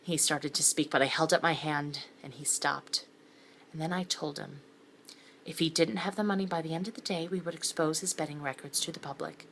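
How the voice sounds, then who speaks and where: Low-voiced woman narrating with wry asides. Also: steady tone, a little fast, vocal fry, a little hiss or hum. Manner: wry, sardonic asides, sometimes dropping to a whisper. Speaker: narrator of a thriller web series. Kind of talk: scripted first-person narration.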